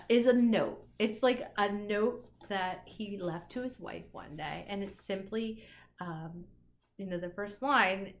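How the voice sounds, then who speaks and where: A woman teacher recording a casual lecture for an online class, enthusiastic and musing, with many fillers. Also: mid-range voice.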